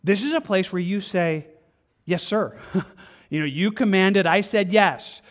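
An American man preaches a sermon in a conversational manner, his voice high-pitched, acting out people's excuses through quick, tiny voices.

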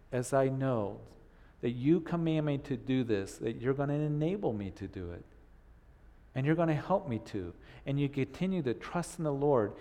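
A man's voice: mid-range voice, mellow. A man preaching a sermon in earnest, repeating phrases and voicing the doubts of his listeners. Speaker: pastor. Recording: long hall reverb.

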